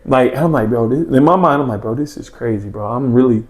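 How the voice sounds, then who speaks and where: A young man chatting casually as a podcast guest, telling stories in an animated, slangy way and acting out his own past thoughts and his friends' reactions. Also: medium pitch, brisk. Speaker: podcast guest, former junior college basketball player. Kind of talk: casual storytelling in a podcast chat.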